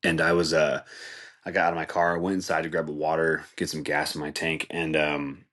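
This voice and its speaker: Low-voiced rambling podcast dude. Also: male voice, little pitch movement, brisk, a bit bright. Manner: rambling, laid-back, says "dude" and "like" a lot, laughs at his own jokes. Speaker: podcast host. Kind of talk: casual comedic monologue.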